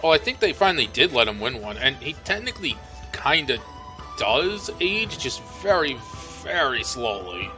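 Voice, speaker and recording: A man's voice: mid-range voice, sing-song, moderate pace. A man streaming a co-op game, chatting casually and rambling with lots of fillers. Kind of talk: casual gameplay chat. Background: game music.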